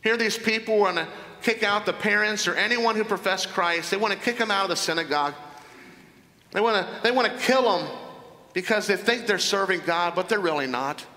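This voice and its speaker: A man preaching a sermon, working through scripture verse by verse with emphatic asides. His voice sits high and has a bright, forceful edge. The sound carries a long hall reverb. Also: fairly quick. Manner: expository preaching, reading scripture aloud with emphatic commentary. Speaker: pastor.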